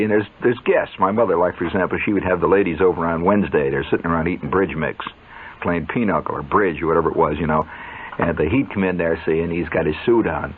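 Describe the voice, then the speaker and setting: Chatty male storyteller, lively, tinny old tape. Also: low voice. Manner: chatty, digressive, rising to excited yelps. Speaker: radio storyteller. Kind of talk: rambling comic monologue. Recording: tinny narrow-band old recording, faint hiss.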